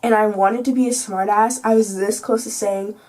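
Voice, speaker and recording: A woman's voice: mid-range voice, fairly even intonation, moderate pace, dark tone. A teenage girl telling a casual storytime vlog, chatty and full of "like" and "you know". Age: teens. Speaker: vlogger.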